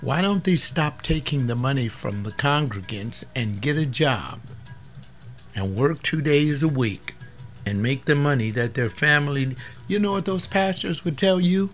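Gravelly fiery male preacher. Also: a little high, animated, a little slow, fairly bright tone, faint music behind. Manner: confrontational, scolding, emphatic. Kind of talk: fiery sermon on a webcast.

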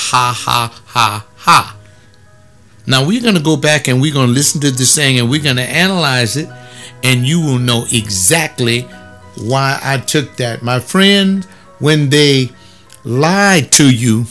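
A man giving preachy, scornful commentary on a video, mixing quick asides with slow, heavily stressed words. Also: mid-range voice, a bit bright.

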